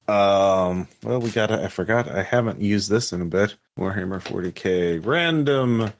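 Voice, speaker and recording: A man's voice: fairly low pitch, normal speed, creaky. A man running a tabletop game as game master, talking in a loose, casual way. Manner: casual, loose, filler-heavy.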